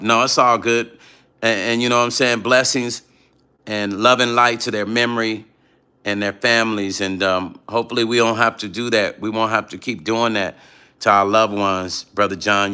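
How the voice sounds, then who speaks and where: Middle-aged man, late-night stream host, animated storyteller, bright forward voice. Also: lowish voice, smooth. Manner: animated storyteller, addresses viewers as family. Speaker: musician hosting a late-night livestream. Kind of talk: casual late-night chat, reading viewer comments.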